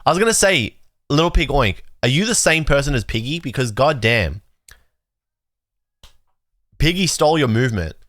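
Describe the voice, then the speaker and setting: A man runs his livestream in a loose, rambling chat, getting excitable and swearing freely. His pitch swings widely from line to line. The sound is dry and close, with no room around it. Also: moderate pace, pauses often, no echo. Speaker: livestream host. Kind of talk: casual chat reacting to chat.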